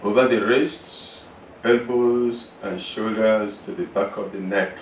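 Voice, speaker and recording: A man teaching yoga, guiding a slow relaxation through the body and then breathing practice in a soothing, unhurried way. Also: fairly low pitch, fairly even intonation. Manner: slow, soothing, drawn-out guidance. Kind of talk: guided relaxation and yoga instruction. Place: yoga class room. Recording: roomy, distant mic with faint noise.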